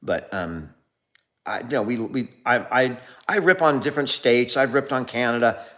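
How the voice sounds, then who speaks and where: A man's voice: medium pitch, moderate pace, a bit bright. A man hosting a casual livestream, rambling through jokes and loose asides. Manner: rambling, full of fillers and restarts, joking. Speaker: livestream host.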